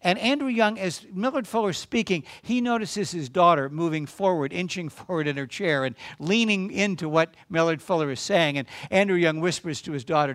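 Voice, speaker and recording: A man's voice: sits high, moderate pace, few pauses, fairly bright tone, no room sound, clean studio sound. A man preaching as a guest to a congregation, telling a story and then urging listeners on with emphatic exhortation. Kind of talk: sermon.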